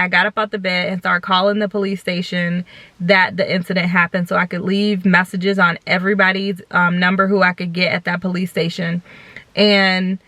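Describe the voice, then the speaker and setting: A woman's voice: medium pitch, pushed and bright, no room sound. A young woman vlogger talking earnestly and directly to her viewers, recording from a parked car. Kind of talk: casual chat to camera.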